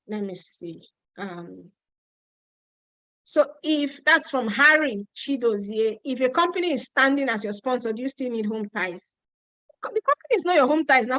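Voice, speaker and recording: Nigerian woman with a Yoruba accent, live webinar host, high voice, chatty and emphatic, dry close sound. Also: a bit bright, no echo, low-quality recording. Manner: chatty and emphatic, repeats points, answers questions with quick asides. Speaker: host answering viewer questions. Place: home in Ontario.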